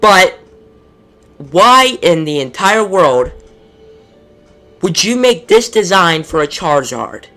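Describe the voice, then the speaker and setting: A man hosting his own video, griping about collectibles in an annoyed, casual rant. His voice sits a bit high and has a bright, tense edge. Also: very animated, takes it slowly, pauses often, soft background music. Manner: frustrated, exasperated, profane. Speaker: collectibles YouTuber. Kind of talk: casual ranting commentary.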